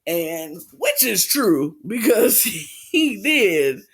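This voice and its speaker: A man co-hosting a podcast, chatting casually as he recaps a reality show and acts out quotes in lively voices. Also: drawn-out words, slightly rough. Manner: animated retelling, acts out quotes with big pitch swings. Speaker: podcast co-host.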